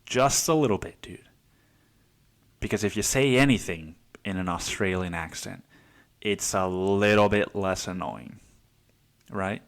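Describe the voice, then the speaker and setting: A man's voice: low voice, a little slow, vocal fry, pauses often. A man hosting a casual solo podcast, rambling and swearing freely, calling everyone dude. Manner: rambling, profane, calls listeners dude. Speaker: podcast host.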